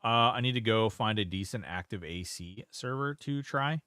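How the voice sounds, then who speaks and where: A man's voice: fairly low pitch, lively intonation, moderate pace, bright, forceful tone, clean tone, no echo, clean studio sound. A man streaming a game, chatting casually, reading chat aloud and swearing now and then. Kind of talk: casual gameplay commentary.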